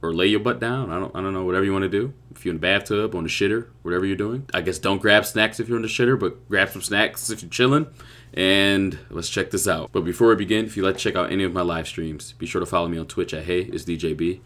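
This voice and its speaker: A young man giving crude, excitable reaction commentary with loud outbursts. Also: low-pitched, fast talker. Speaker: YouTube reactor.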